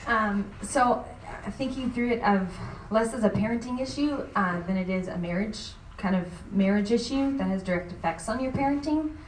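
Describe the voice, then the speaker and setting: A woman in her thirties answers a question on a faith-based panel, circling back and restarting her sentences often. Her voice sits at a middle pitch. It sounds echoey and distant, as if picked up from across a room, with faint background noise. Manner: halting, many restarts and fillers. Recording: roomy sound from a distant mic.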